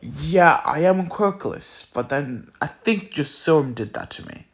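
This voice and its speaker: A man loosely voicing a calm, quietly cocky young male hero while retelling a story. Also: fairly high pitch, measured pace, breathy edge, exaggerated voice. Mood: plain. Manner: loose, filler-filled quoting.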